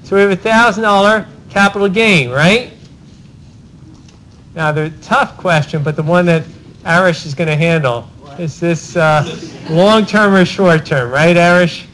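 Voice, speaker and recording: High-voiced professor firing questions. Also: male voice, fairly bright tone, poor audio. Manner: rapid cold-calling of students, tag questions like "right?". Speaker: law professor. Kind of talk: Socratic classroom lecture. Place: university classroom.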